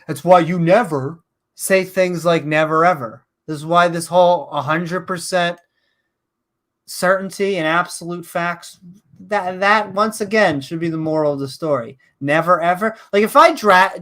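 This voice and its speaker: A woman's voice: lowish voice, unhurried. A woman with a Northeastern US accent co-hosting a casual reaction show, talking in a sarcastic, rambling way over an online call mic. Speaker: co-host.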